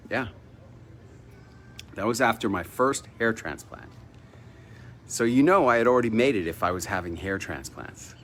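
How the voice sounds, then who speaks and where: A middle-aged man hosting a casual vlog from his home, telling a personal story with lively delivery and acted-out dialogue. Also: fairly low pitch, slight background noise. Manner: animated storyteller, acts out quoted dialogue. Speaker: vlog host. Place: home in Mexico.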